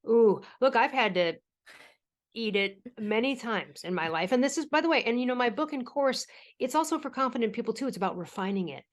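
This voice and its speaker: A woman's voice: a little high, expressive, fast talker. A woman author and coach as a podcast guest, chatty and emphatic, swearing freely and asking "you know what I mean". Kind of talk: casual interview talk.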